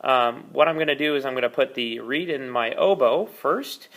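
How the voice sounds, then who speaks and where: A man's voice: medium pitch, normal speed, a bit bright. A man leading an oboe lesson, explaining each step patiently with frequent ums. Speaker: oboe teacher. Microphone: camera mic, repositioned during video.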